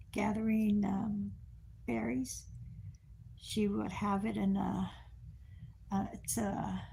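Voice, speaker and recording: A woman's voice: mid-range voice, gravelly, a little mellow, slight background noise. An older woman telling family stories on a livestream, laughing often and putting on the voices of her relatives. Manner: firm commands to a dog. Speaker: livestream host. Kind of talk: casual storytelling on a livestream.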